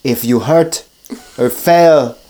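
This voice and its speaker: A man voicing Dracula as a cold, threatening vampire lord in a low, drawn-out whisper. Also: warm tone, close to an everyday voice.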